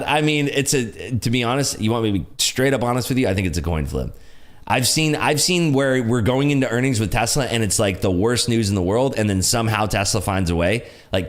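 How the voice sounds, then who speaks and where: A man hosting a live day trading stream, chatting casually, laughing often and cheering on his viewers. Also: lowish voice. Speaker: day trading livestream host. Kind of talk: casual live market commentary.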